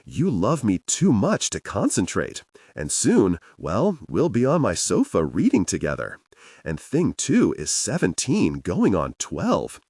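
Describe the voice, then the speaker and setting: Brief: low-voiced male audiobook narrator, sardonic and lively, dry close mic. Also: a little slow, slightly rough, no room sound. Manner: sardonic, obsessive inner monologue. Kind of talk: first-person thriller narration.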